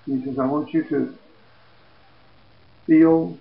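A man retelling a Bible story as a lesson, in a plain storytelling voice that goes quiet for quoted speech. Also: fairly high pitch, steady tone, slow pace, gravelly. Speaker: Bible teacher. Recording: echoey, dull lo-fi room.

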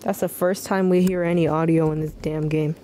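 A woman's voice: deep voice, fairly even intonation, fairly quick, mellow, a little hiss or hum. Slangy, swearing young woman streamer. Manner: profane, slangy, joking. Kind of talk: live gameplay commentary.

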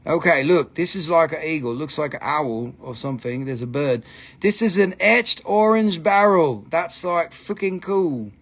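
A man's voice: a little high, moderate pace, slightly rough. A man hosting a live mineral sales stream, chatting casually with viewers and swearing freely while he jokes. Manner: excitable, profane, joking with viewers. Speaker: host selling minerals on a livestream.

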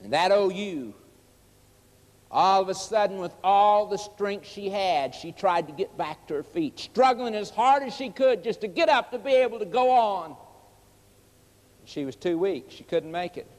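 A man's voice: sits high, animated, a little slow. A man preaching an evangelistic sermon, telling a story earnestly and emphatically, then leading a prayer before an audience. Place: church hall with audience. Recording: long reverb of a large hall.

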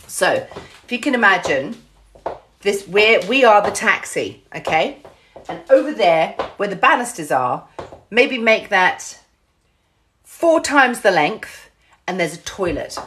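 A woman's voice: mid-range voice, sing-song, slow, pauses often, a bit bright, slight background noise. A woman telling a story to her camera in a chatty, casual way, often repeating words and describing things with gestures. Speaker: vlogger.

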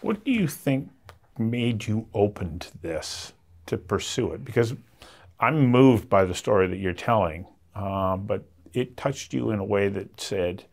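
A man's voice: fairly low pitch, expressive, a little slow, vocal fry, a little mellow. A man hosting an interview and asking thoughtful, probing questions. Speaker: interviewer, host.

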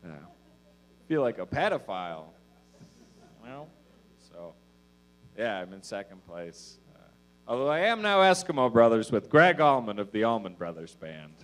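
Male stand-up comic, mid-pitched voice, loose and profane, meandering with fillers, on a club stage. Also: very animated, normal speed, long pauses, fairly bright tone. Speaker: stand-up comedian. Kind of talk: stand-up comedy set.

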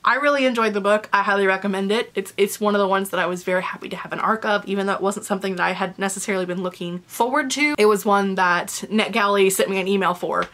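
A woman's voice: mid-range voice, fairly even intonation, fast talker, hardly any pauses, a bit bright. A young woman chatting candidly in a book review vlog, casual and openly emotional, with the odd swear word.

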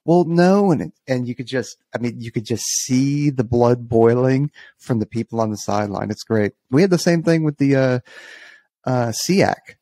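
A man's voice: mid-range voice, moderate pace, dark tone, no echo. A man co-hosting a podcast, telling an amused story in a rambling way, full of fillers. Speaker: podcast co-host. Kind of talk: casual podcast chat.

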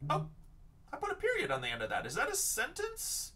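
A man's voice: very high-pitched, huge pitch swings, brisk, pushed and bright, distant mic. A male teacher giving an online lesson for young children, patient and encouraging, sounding out words letter by letter.

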